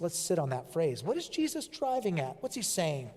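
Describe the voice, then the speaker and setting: A man preaching a sermon as pastor, earnest and emphatic, slowing down to stress key phrases and repeating them. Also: fairly high pitch, huge pitch swings, a little mellow. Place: church sanctuary. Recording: long church-hall reverb.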